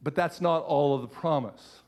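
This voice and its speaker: Middle-aged pastor guy preaching, earnest, says things twice, voice a bit high. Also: moderate pace, a little mellow. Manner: earnest preaching with repeated phrases. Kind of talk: sermon.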